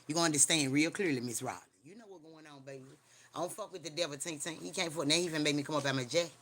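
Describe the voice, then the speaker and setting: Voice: medium pitch, racing, fairly bright tone. A livestream host talking casually from home, rambling and profane, mixing a spooky personal story with street preaching and often checking in with viewers. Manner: rambling, slangy and profane, keeps asking viewers "you hear me?".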